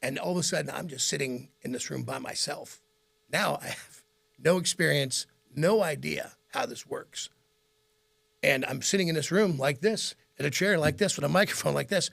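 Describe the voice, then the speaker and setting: A middle-aged Midwestern American man with a slightly high, creaky voice tells stories at a moderate pace in a casual interview. He's an animated storyteller who acts out the voices of people he quotes and laughs often. He's a radio host and guest.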